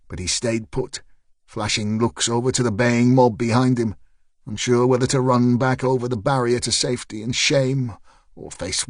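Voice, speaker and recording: A man reading an audiobook in a steady, measured storytelling manner on a close studio mic. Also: on the low side, no room sound. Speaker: audiobook narrator. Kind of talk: scripted narration.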